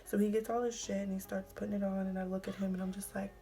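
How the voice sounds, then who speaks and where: A young woman tells a story to her camera, chatty and loose, leaning on fillers and now and then slipping into a whisper. Her voice carries plenty of gravelly vocal fry at a middling pitch, and faint music plays underneath. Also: flat delivery, quick pace, mellow. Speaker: vlogger. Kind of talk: casual storytime.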